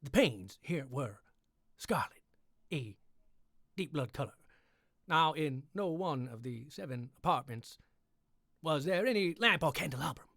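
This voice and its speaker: A man's voice: a little high, lively intonation, fairly bright tone, no echo, studio quality, heavily acted. Man doing a choppy celebrity impression. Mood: halting. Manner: choppy, oddly paused delivery. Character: halting, overdramatic male celebrity impression. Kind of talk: impression while reading a story.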